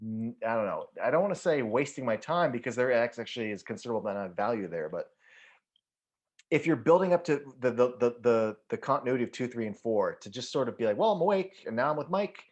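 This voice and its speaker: Talking fast and animatedly at a medium pitch, this movie podcast co-host wanders through his ideas. He keeps restarting, fills gaps with filler words, and curses in a relaxed, offhand way.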